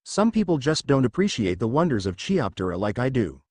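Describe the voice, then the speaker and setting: A man's voice: medium pitch, big pitch swings, fairly quick, darkish tone, dry recording. A man reading as a sardonic British goth girl. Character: young adult British goth girl, bookish and teasing.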